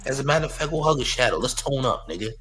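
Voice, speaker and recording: A man's voice: mid-range voice, lively intonation, rapid-fire, a bit bright, faint music behind, poor audio. A man hosting a live-stream news show, mocking a critic in loose slangy commentary and leaning on "champ" and "you heard".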